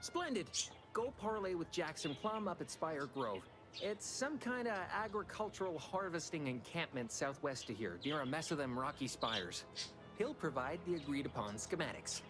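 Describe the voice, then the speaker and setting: A man's voice: a little high, very animated, normal speed, music in the background. An actor playing a scheming, talkative corporate underling with folksy salesman patter in a video game. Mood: wheedling.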